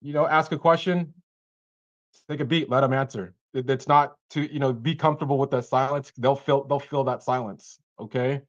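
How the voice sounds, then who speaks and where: Animated man coaching cold callers. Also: mid-range voice, normal speed, lo-fi sound. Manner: animated, acts out caller and seller lines. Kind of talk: casual coaching feedback on a video call. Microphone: video call.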